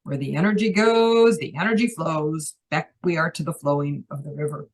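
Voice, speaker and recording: A woman delivers a channeled spiritual message, speaking for a group of elders as "we". Her tone is playful and a little teasing, and her phrasing is unhurried and contemplative. Her voice sits slightly low. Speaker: trance channel.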